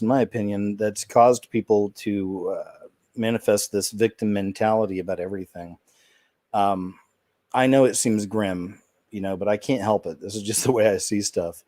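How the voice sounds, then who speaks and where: Man, host, lowish voice, dry close sound, laid-back, casual news commentary. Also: darkish tone, no echo. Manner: laid-back, musing, with fillers like "man" and "you know".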